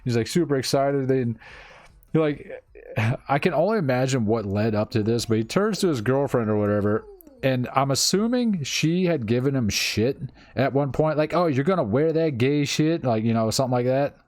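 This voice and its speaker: A man's voice: mid-range voice, animated, normal speed, a little mellow, dry recording. Laid-back profane man telling stories. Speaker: streamer. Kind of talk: casual storytelling while gaming.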